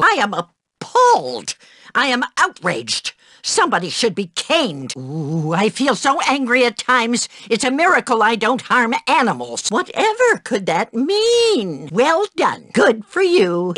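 An actress voicing a strict, prim, easily outraged dorm mother in a video game, scolding and shrill in her outbursts. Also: a bit bright, dry recording, clean studio sound, full character voice. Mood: severe. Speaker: girls' dorm matron in a school video game.

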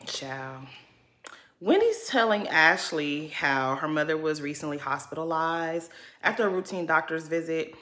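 A woman's voice: low voice, expressive, a little slow, bright, forceful tone. A woman giving casual, blunt commentary on a reality TV episode, talking straight to her viewers. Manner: sassy, blunt, addresses viewers as girl. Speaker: reality TV recap vlogger.

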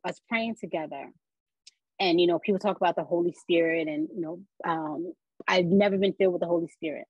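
A woman's voice: on the low side, a little fast, slightly rough, dry recording, lo-fi sound. A woman guest on a podcast telling her personal story, acting out the voices of the people in it.

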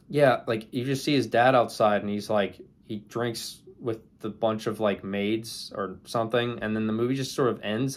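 A young man talking casually about old monster movies, rambling with many ums and likes. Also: on the low side. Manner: rambling, many fillers and restarts. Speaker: movie reviewer. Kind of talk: casual movie ranking talk.

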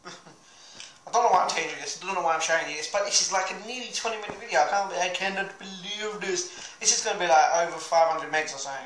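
A man's voice: high voice, fairly bright tone. A young man rambling casually to camera in a vlog, chatty and self-mocking. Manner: chatty, scattered, self-mocking, talks to his dog. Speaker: vlogger. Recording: echoey room, faint noise.

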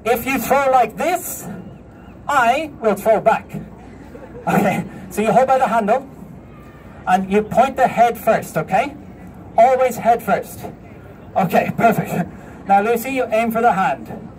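A man's voice: very high-pitched, measured pace, long pauses. A man doing a comic street show, joking and bossing his volunteers around. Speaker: street performer. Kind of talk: street show patter with crowd. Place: outdoor street show in a city. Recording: distant outdoor crowd recording. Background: crowd laughing and street noise.

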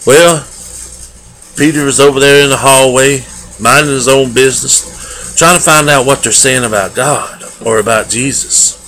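A man giving a daily devotional, earnest and homespun in manner, with loose everyday grammar and drawn-out emphatic phrases. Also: mid-range voice, a bit bright, low-quality recording. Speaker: lay preacher. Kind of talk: folksy daily devotional sermon.

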